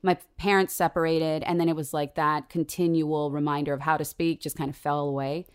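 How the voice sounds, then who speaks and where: A woman from San Diego, a guest actor talking in a casual conversation, earnest and reflective with animated asides. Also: low voice, brisk, clear, resonant tone. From San Diego, USA.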